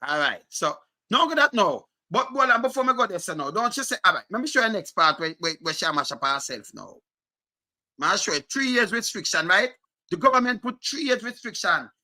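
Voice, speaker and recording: A man with a Jamaican accent reading through documents and commenting, animated and emphatic in patois. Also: sits high, fairly quick. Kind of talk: casual chat.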